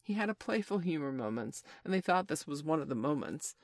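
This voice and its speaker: A woman reading a children's storybook aloud in an expressive, animated way. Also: deep voice, fairly quick, dry recording, studio quality. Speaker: narrator.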